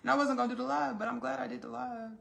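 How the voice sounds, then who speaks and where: A woman hosting a casual livestream, retelling a story in an animated way, with many fillers and restarts. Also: fairly high pitch, rapid-fire, gravelly. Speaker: livestream host.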